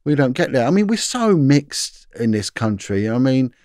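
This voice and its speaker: A middle-aged man tells a long story as a guest, voice sitting at an average pitch. His telling is loose and animated, full of restarts and repeated words. The sound is close and dry, with no room around it. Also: moderate pace, no echo. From Britain. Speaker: former police detective, guest. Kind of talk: casual storytelling interview.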